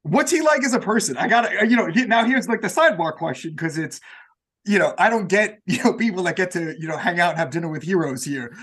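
A man's voice: high-pitched, expressive, fast, fairly bright tone, slightly rough. A man hosting a casual interview, asking rambling questions full of fillers. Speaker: podcast host.

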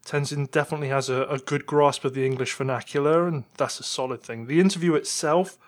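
A man co-hosting a podcast, speaking in a halting, thoughtful way that trails off. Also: fairly high pitch, steady tone. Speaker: podcast co-host. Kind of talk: casual podcast chat. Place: Bath, England.

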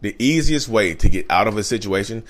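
A man's voice: fairly low pitch, animated, brisk, a bit bright. A man hosting his own online channel, talking straight to camera in a casual, emphatic way and repeating key phrases. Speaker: YouTube host on narcissism.

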